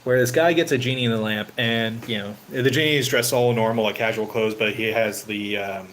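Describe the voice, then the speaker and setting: A man's voice: on the low side, steady tone, a little fast, a bit bright, a little hiss or hum, low-quality recording. A man hosting his own channel, chatting casually with viewers in a rambling way and leaning on "you know" fillers, livening up as he retells stories. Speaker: channel host. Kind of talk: casual livestream chat.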